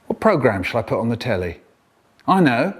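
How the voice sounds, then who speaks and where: A man telling silly comic stories in an animated spoken-word style, with sudden jumps in pitch. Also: fairly quick, a little hiss or hum.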